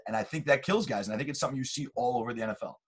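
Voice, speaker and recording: A male football coach talks shop in a loose, casual conversation. He speaks quickly in a husky voice, and he is blunt and emphatic, swearing freely as he makes his points. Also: mid-range voice.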